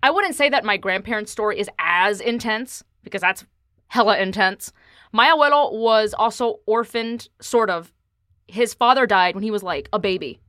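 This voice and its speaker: A woman's voice: mid-range voice, normal speed, a bit bright, no echo, studio quality. A woman in casual chat who is wry and self-deprecating, and who drops Spanish words into her English.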